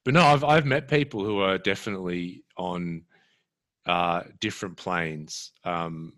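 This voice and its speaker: A man with a very low voice that still sounds bright and forward. He muses thoughtfully in a casual conversation, weighing ideas as he speaks. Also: unhurried. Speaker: practitioner working with clients.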